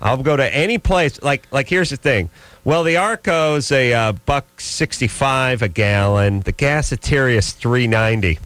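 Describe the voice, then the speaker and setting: A man's voice: mid-range voice, normal speed, a bit bright, no echo. A man hosting a late-night call-in radio show, ranting sarcastically with many restarts.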